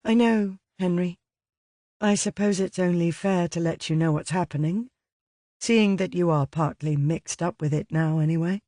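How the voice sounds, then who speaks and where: A man voicing a tired, shaken young woman who speaks low and haltingly in an audiobook. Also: dark tone, dry recording, clean studio sound, close to an everyday voice. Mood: tired relief.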